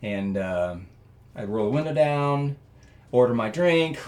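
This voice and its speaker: A male guest in an interview shares a personal story in an unhurried, mid-range voice. He is earnest and rambling, full of fillers, and turns loud and animated when it gets emotional.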